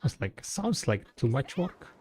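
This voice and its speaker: A man's voice: mid-range voice, sing-song, unhurried, darkish tone, soft background music. A man chatting casually on a gaming stream in a rambling, laid-back way, full of fillers and restarts. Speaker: game streamer.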